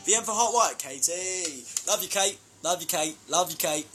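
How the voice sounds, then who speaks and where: A man's voice: high voice, animated, normal speed, over music. A young man chatting casually on a live stream, reading out fan names and thanking them for gifts. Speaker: band member live-streaming to fans.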